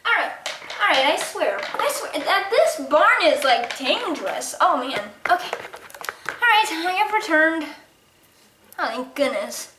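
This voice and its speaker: A woman's voice: high voice, big pitch swings, unhurried, reverberant, noisy background. A woman improvising a toy-horse role-play, playfully switching between character voices and giggling now and then. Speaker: toy horse video creator voicing every character.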